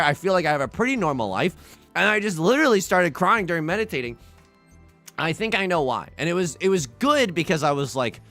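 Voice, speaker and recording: A man's voice: fairly high pitch, a bit bright. A young man streaming, chatting casually with his chat, self-mocking and stammering through restarts.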